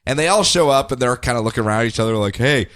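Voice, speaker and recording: A man's voice: medium pitch, very fast, no room sound. Jokey man recapping comics, dry close sound. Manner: jokey, animated storytelling. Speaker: podcast host.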